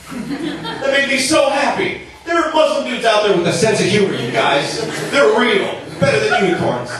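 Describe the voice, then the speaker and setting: A man's voice: very high-pitched, very animated, moderate pace, fairly bright tone, slight background noise. A young man from southern Minnesota doing a chatty stand-up set on a bar stage. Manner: conversational, chatty with many likes and rights. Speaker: stand-up comedian. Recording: echoey bar recorded from a distance.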